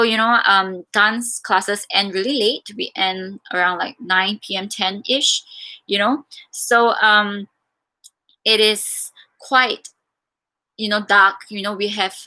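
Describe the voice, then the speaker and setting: A young woman from Singapore hosts a casual viewer Q&A. Her voice is bright and clear, and she talks in a chatty, animated way, full of fillers. She sounds like she is talking straight to her viewers. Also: medium pitch. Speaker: vlogger answering viewer questions. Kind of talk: casual live Q&A chat.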